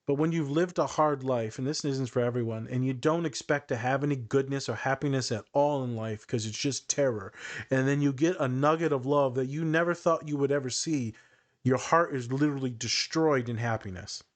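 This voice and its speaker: A podcast host in his thirties shares personal stories with real emotion during casual chat, acting out what people said to him. His voice is medium in pitch, and he talks a little fast.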